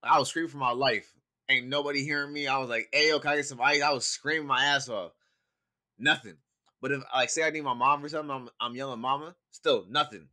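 Bright-voiced young man, casual and profane. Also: medium pitch, a little fast. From California. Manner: laid-back, profane storytelling with many fillers. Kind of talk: casual chat.

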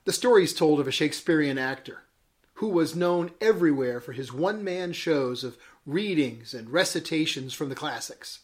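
Male bishop with a higher-than-usual voice, delivering an expressive devotional sermon story. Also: normal speed. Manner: dramatic, varied delivery with chuckles at his own jokes. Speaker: bishop giving a daily devotional message.

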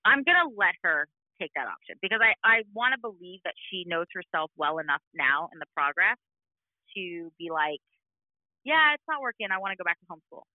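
A woman's voice: on the low side, fairly quick, no echo. Chatty Valley girl mom on a tinny phone line. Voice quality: Valley girl speech style. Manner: animated storytelling, mimics voices. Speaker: parent. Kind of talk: casual chat.

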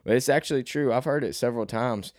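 A young Arkansas man with a slight Southern twang talks quickly on his own podcast, recorded at studio quality with no room sound. He's a podcast host and rapper whose monologue rambles and pokes fun at himself, restarting often and climbing in pitch when he gets animated.

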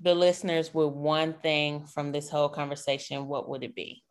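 A woman hosting a podcast, chatting in a relaxed, casual way. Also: low voice, moderate pace, clear, resonant tone. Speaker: podcast host.

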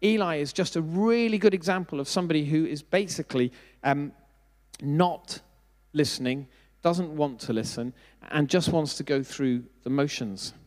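A man's voice: a little high, normal speed, darkish tone. A middle-aged man preaching a sermon, speaking conversationally with self-deprecating asides and questions put to the congregation. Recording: long hall reverb.

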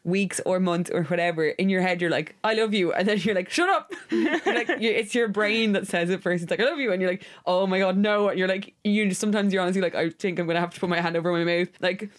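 A woman co-hosting a podcast, telling stories in a casual, animated way and swearing freely. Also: lowish voice, fast talker, hardly any pauses. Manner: animated storytelling, swears freely, acts out her inner voice. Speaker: podcast co-host. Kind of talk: casual chat.

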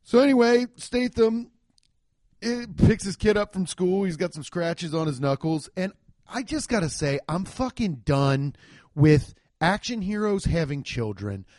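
A man's voice: high voice, lively intonation, unhurried, darkish tone, no echo, studio quality. A young man giving a profane, exasperated comedic rant reviewing a movie.

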